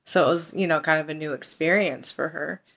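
A woman's voice: deep voice, brisk, creaky, a bit bright. A woman coaching on relationships and self-love, telling a story in a casual chatty way and lifting her voice to act out quoted messages. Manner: chatty, storytelling, acts out quoted texts with lifted voice. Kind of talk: casual talk to camera.

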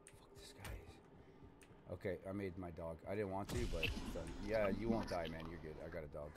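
A man's voice: sits low, moderate pace. A Canadian man with a Canadian accent giving profane, jokey commentary while playing a game. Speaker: gaming streamer. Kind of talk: casual gameplay commentary. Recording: noisy game audio behind.

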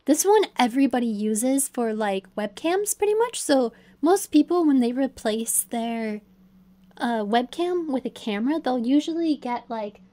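A young streamer woman with a high, mellow voice chats away in her bedroom. She is excitable and loose, tripping over words and laughing as she goes. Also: a little slow. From United States. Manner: chatty and excitable, restarts and laughs. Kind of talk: casual chat.

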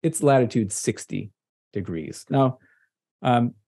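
Playful Midwestern man, mellow voice. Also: medium pitch, slow pace, gravelly, pauses often. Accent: Midwestern American. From Michigan, US Midwest. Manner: playful, nerdy asides, chatty and relaxed. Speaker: presenter at an online meetup. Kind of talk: casual screen-share tutorial. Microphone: computer mic on a video call.

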